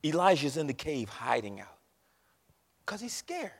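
A man preaching a fervent sermon to his congregation, often swelling to shouts. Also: on the high side, sing-song, unhurried, vocal fry. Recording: long hall reverb.

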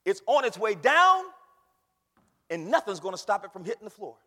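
A man preaching a sermon with dramatic swings from shouts to hushed whispers, repeating words for emphasis. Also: high-pitched, big pitch swings, normal speed, in a large hall.

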